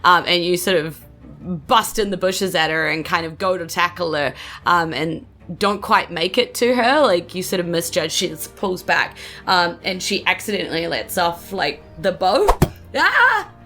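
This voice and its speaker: Gravelly-voiced New Zealand woman game master. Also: fairly low pitch, moderate pace, bright, forceful tone, soft background music. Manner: loose, rambling narration with many fillers and laughs. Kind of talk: narrating a tabletop game.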